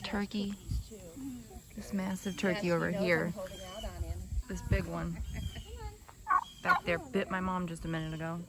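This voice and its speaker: A young woman vlogging at an outdoor farm sanctuary, chatty and excitable, cooing at the animals. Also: lowish voice, unhurried, gravelly, pauses often, over a noisy crowd. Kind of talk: casual vlog narration.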